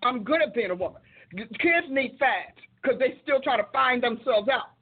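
An older woman preaches in an emphatic, repetitive cadence, her fairly high voice husky at the edges. The sound is tinny and narrow, like a phone line. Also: expressive, moderate pace. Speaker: minister and show host. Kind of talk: sermon-like talk.

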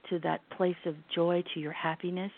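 Middle-aged woman, low and gravelly, earnest guest chat, tinny phone sound. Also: level tone, a little fast. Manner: earnest, reflective, with hesitant restarts. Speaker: guest, lifestyle brand founder. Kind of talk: casual interview chat.

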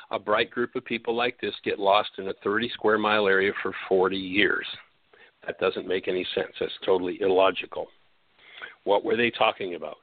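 A man's voice: mid-range voice, no room sound. Man lecturing over a tinny phone line. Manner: teacherly, poses rhetorical questions and answers them. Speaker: radio show host and healing teacher. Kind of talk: lecturing on a radio talk show.

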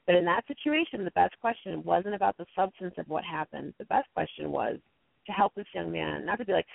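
A woman guest speaker telling lively stories about conflict in a casual interview, acting out quotes in a high voice. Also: brisk, creaky, no echo. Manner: animated storyteller, acts out quotes in a high voice. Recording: dry tinny phone-like line.

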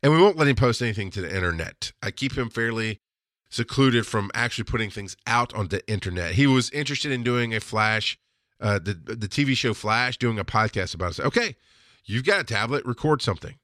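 Casting note: chatty male podcast host, rambling anecdotes with quoted voices, bright tone, dry studio sound. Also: medium pitch, lively intonation, a little fast, no room sound. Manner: rambling storyteller who acts out quoted voices. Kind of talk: casual solo podcast monologue.

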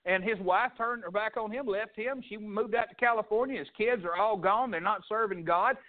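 A Southern US preacher delivers a fervent sermon in a high-pitched voice, stumbling through repeated words as he presses his point. The sound is thin and tinny, like a phone line. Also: normal speed. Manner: fervent preaching with frequent stammered restarts. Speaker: pastor. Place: church sanctuary.

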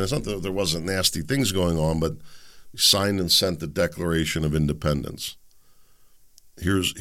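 A man's voice: low voice, vocal fry, fairly bright tone, no room sound, clean studio sound. A man hosting a show, giving opinionated solo commentary in a rambling, conversational way, often restarting and tripping over words and putting questions to his listeners. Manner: conversational, asks the audience direct questions.

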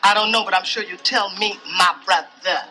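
A man's voice: high-pitched, fairly even intonation, moderate pace, natural voice, poor audio. An actor playing a wisecracking male friend who mocks and teases sarcastically, from a film clip. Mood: mocking. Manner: mocking, sarcastic. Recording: film clip with music underneath.

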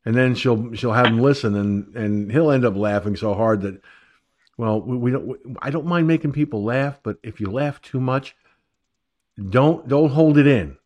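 A man's voice: medium pitch, moderate pace, darkish tone. An older man hosting an online talk radio show, joking and rambling crudely about everyday troubles. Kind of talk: casual call-in chat.

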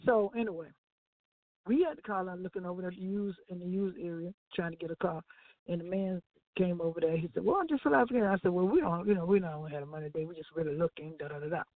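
A woman telling a lively testimony on a gospel talk show, quoting people as she goes. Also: fairly low pitch, fast. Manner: animated storytelling with laughs and acted-out quotes. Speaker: gospel radio co-host. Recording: dry, tinny phone-line sound.

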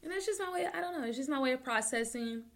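Bright-voiced woman rambling on her talk show. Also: high voice, lively intonation, fast. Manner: rambling, self-interrupting, jokes to deflect; swings between loud bursts and soft mumbles. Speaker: podcast host. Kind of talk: casual personal talk show.

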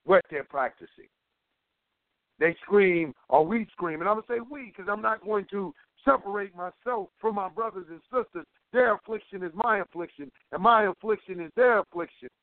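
A man's voice: high-pitched, dry recording. A man giving an impassioned political talk as an organizer, emphatic and preachy, repeating phrases for weight. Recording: tinny phone line, dry.

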